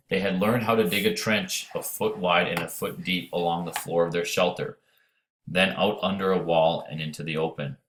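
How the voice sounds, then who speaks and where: A man reading an audiobook chapter in steady, measured narration. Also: low voice.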